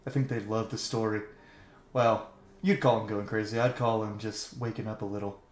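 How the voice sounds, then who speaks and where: Cocky villainous dragon knight, put on by a male game master, bright and sneering, echoey room. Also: fairly low pitch, steady tone, normal speed, slight background noise, lightly acted. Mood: boastful. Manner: mocking, swaggering. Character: cocky taunting male dragon-rider commander.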